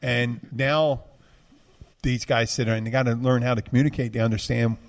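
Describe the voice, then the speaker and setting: A man's voice: medium pitch, fairly even intonation, normal speed. Guy cohosting a chill podcast, rambly, lots of restarts and uhs. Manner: rambling, many restarts and fillers. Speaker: podcast co-host. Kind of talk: casual chat.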